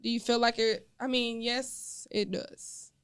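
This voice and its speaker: Young woman podcast guest, casual chat, slightly high voice, animated storyteller. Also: a little slow, clean tone. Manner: animated storyteller, acting out quotes.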